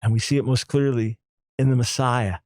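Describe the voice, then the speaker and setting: A man in his sixties hosting a radio talk show, talking emphatically and in quick, animated bursts. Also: medium pitch, no echo.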